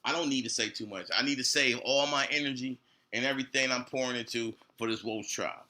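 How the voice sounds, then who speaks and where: A man's voice: mid-range voice, expressive, fast, sharp tone. A man, ranting on a livestream in a profane, confrontational way, repeating himself often. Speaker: streamer. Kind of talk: heated livestream rant.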